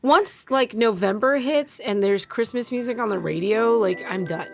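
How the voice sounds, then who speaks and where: A woman's voice: a little high, normal speed, gravelly, dry recording, faint music behind. A woman co-hosting a podcast in casual chat, upbeat and emphatic, teasing her co-host.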